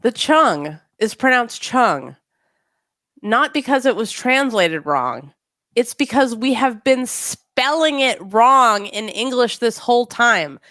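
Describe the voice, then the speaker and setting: A woman co-hosting a podcast, chatting casually with quick jokes and asides. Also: on the high side, no echo. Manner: animated, joking, quick asides. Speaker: podcast co-host. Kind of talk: casual chat.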